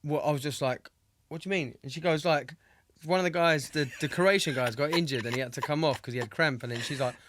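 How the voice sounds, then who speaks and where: A man's voice: on the high side, quick pace, a bit bright, a little hiss or hum. A man with a London accent co-hosting a casual podcast, teasing his friend in slangy banter. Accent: London English. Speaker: podcast co-host. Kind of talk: casual chat.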